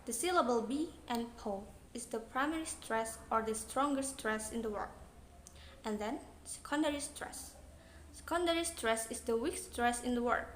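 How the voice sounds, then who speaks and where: Young Indonesian woman, student presenter, high voice, reads a lesson in a roomy space with faint hiss. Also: moderate pace. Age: young adult. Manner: plain, read-aloud explaining. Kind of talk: reading an English pronunciation lesson. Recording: echoey room, faint noise.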